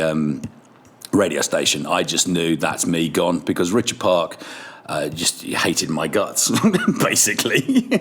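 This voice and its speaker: A middle-aged man, a radio presenter, telling stories in casual chat on a podcast, lively and laughing as he goes, his pitch jumping up when he gets excited. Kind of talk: animated storytelling in casual chat.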